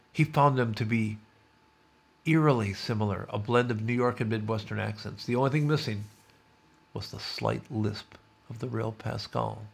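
A man's voice: medium pitch, vocal fry, breathy edge. A man hosting a podcast, reading a news story aloud and breaking off for wry, sardonic asides. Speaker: podcast host.

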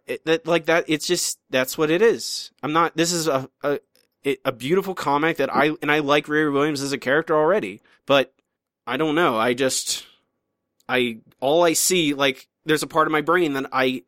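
A man's voice: mid-range voice, fairly bright tone, dry recording, clean studio sound. A man co-hosting a podcast, chatting casually and teasingly about comics, often trailing off and restarting his sentences. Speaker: podcast co-host. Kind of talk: casual chat reviewing comics.

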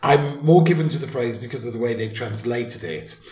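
A man in his fifties co-hosting a podcast in casual chat, wry and quick to laugh. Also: mid-range voice, a little mellow. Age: 50s. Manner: chatty, wry, laughs often. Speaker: podcast co-host. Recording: echoey room.

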